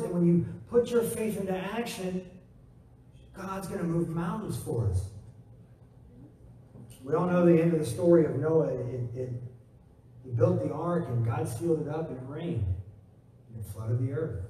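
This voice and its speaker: A man's voice: a little high, animated, moderate pace, long pauses, dark tone, a little hiss or hum. A man preaching a casual, joking sermon as a pastor, acting out quotes in a folksy way. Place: church sanctuary. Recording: echoey hall, mic at a distance.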